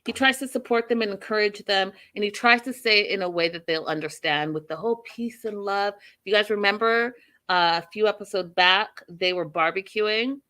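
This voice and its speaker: A woman's voice: medium pitch, normal speed, bright, forceful tone. A woman hosting a show, recapping a reality TV episode in a chatty, emphatic way and addressing her listeners directly. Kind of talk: casual recap commentary.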